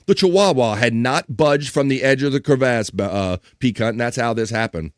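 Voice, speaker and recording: A man hosting a live stream, reading offbeat news and chat comments aloud in a jokey, animated way. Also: mid-range voice, moderate pace, no echo, clean studio sound. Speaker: live-stream show host. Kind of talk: casual news read and chat.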